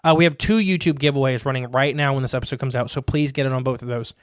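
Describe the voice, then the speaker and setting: Upbeat rambling podcast host, smooth dry voice. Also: male voice, medium pitch, fast, no echo. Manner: rambling, upbeat show announcements. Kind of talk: casual podcast chat.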